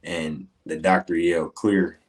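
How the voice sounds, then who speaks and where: A man with a low, deep voice, talking as a guest on a podcast. He speaks casually and hesitates, stumbling through "um" and "like" as he works his way toward his point. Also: level tone, slow. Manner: hesitant, full of fillers like "um" and "like". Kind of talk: casual interview talk.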